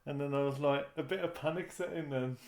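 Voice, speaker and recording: A man with a somewhat high voice tells stories plainly in casual chat. His voice carries an echoey room sound. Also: fairly quick, creaky. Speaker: podcast co-host.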